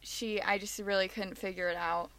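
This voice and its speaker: A woman's voice: mid-range voice, fairly even intonation, normal speed, a bit bright, no echo. A young woman, joining a podcast with wry, joking remarks. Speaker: co-host. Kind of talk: casual podcast chat.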